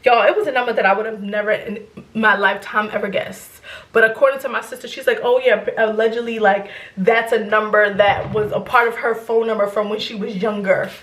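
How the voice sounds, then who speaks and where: A young adult woman vlogger telling a story in casual chat, rambling and animated, swearing freely. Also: medium pitch, brisk, roomy sound.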